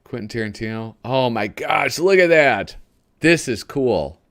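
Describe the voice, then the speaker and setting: A man's voice: mid-range voice, lively intonation, measured pace, fairly bright tone. A male host giving casual live commentary while flipping through a magazine. He rambles, gropes for names and chuckles often.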